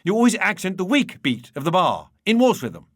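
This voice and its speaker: A man doing a gushing, pushy Viennese gentleman. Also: big pitch swings, a little fast, no room sound, studio quality, exaggerated voice. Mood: insistent. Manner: gushing, insistent, higher pitched. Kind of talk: audiobook reading.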